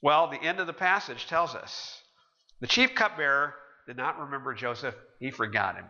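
A pastor with a mid-range voice preaches a sermon at a moderate pace, telling stories with animation and acting out the voices of the characters he quotes. The recording is muffled, with long hall reverb.

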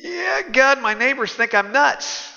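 Preacher putting on a hesitant, incredulous old builder, pitched up, in a reverberant hall. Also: male voice, animated, measured pace, vocal fry, pushed and bright, soft background music, exaggerated voice. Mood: doubtful. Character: reluctant doubtful old male boat builder. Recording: dull echoey hall.

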